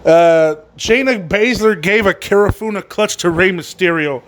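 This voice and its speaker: A man's voice: high-pitched, normal speed, a bit bright, slight background noise. A man hosting a casual wrestling podcast who rambles through a recap, swears often and laughs at his own jokes. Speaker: podcast host.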